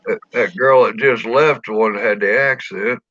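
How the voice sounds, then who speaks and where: Lowish-voiced man with a Missouri drawl. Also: measured pace, a bit bright, dry recording. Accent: Missouri rural. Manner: rambling storyteller with many restarts and swearing. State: tipsy. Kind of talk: casual chat. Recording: dull lo-fi dry audio.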